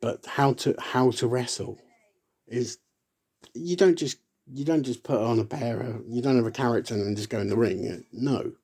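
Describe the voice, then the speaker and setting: A man rambling casually to camera in a solo vlog, halting and restarting often and breaking into laughter. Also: medium pitch, a little mellow, husky. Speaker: vlogger.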